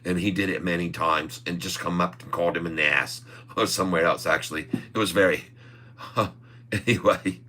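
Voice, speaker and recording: A man's voice: deep voice, fairly even intonation, moderate pace, pushed and bright. A middle-aged man hosting a day-trading livestream, talking in a folksy, emphatic way and chuckling often. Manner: folksy and emphatic, keeps calling listeners "folks". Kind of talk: casual market commentary livestream.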